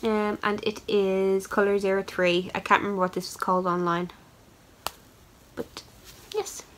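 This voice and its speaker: A woman's voice: medium pitch, level tone, normal speed, a little hiss or hum, low-quality recording. A woman hosts her knitting podcast in a loose, chatty way. She rambles and pokes fun at herself, filling gaps with ums and uhs, in a mid-range voice. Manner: chatty, rambling, self-deprecating with fillers. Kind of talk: casual chat showing yarn.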